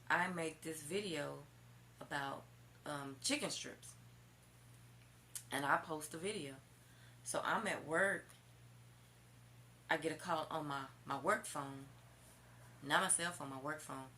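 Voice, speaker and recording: A woman vlogger candidly telling a personal story to her viewers, animated and sassy, with casual swearing. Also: sits low, slight background noise. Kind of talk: storytime vlog.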